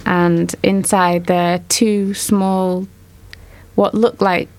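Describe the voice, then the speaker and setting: A woman leading a casual art discussion, a mother, describing artworks slowly and thoughtfully. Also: on the low side, flat delivery, darkish tone. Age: adult mother. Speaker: discussion moderator.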